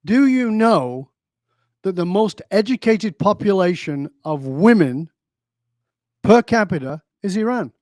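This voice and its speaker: A man's voice: high-pitched, animated, measured pace, darkish tone, no room sound. Emphatic man telling stories, dry sound. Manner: emphatic storyteller, rhetorical questions. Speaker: guest, leadership speaker. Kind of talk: conversational interview.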